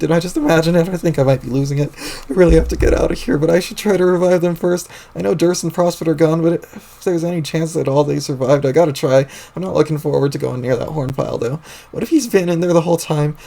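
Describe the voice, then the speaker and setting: A man voicing an angry, panicky young male troll who rants loudly and frantically and swears a lot, while reading a webcomic aloud on stream. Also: on the high side, fast talker, vocal fry, slightly rough. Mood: frantic. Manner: loud, ranting, frantic.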